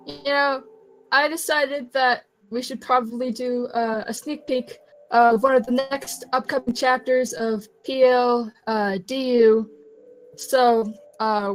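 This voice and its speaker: A woman co-hosting a casual chat show, talking in a relaxed, hesitant way. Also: a little high, low-quality recording. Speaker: co-host.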